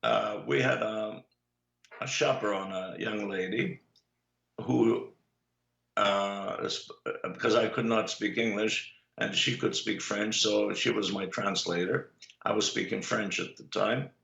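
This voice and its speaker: An older man with a low, gravelly voice tells long anecdotes at an unhurried pace, stopping often on "uh". The recording sounds echoey and dull, like a lo-fi room capture. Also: fairly even intonation, a bit bright. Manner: unhurried anecdotal storyteller, many "uh" pauses. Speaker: guest, Holocaust survivor. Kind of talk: storytelling in an interview.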